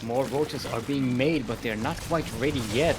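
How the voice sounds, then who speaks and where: A man's voice: mid-range voice, moderate pace, music in the background. A man casting a live esports match as play-by-play commentator, playful and giggly, joking between calls. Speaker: esports caster.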